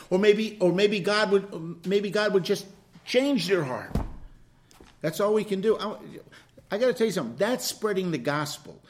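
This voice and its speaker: A man leading an informal Bible study, teaching animatedly and acting out little scenes of dialogue. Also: high voice. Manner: animated, plays out quoted dialogue with swings from loud to hushed.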